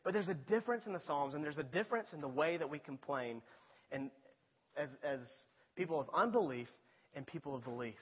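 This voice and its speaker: A man's voice: a little high, lively intonation, a little fast, slightly rough. A man preaching a sermon as a pastor, talking in a conversational way and rising to emphatic appeals. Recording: dull sound with long reverb in a large hall.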